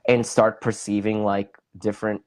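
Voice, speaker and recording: A man's voice: lowish voice, little pitch movement, takes it slowly, a little mellow. A middle-aged man, a bodywork practitioner, telling an enthusiastic story in an interview with many fillers. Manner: enthusiastic, talks with his hands, lots of fillers. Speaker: guest, bodywork practitioner and facilitator.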